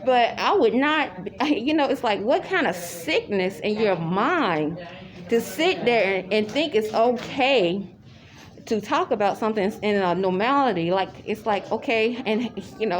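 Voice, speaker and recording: A woman's voice: medium pitch, lively intonation, a little slow. A woman talking casually to the camera in a rambling, repetitive way, with many restarts. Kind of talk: casual spoken monologue. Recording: loud crowd chatter behind.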